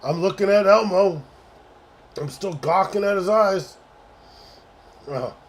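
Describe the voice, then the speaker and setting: A man hosting a casual sports livestream, bantering with his chat in a profane, exasperated way. His voice sits a little higher than most men's. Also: slow. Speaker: livestream host.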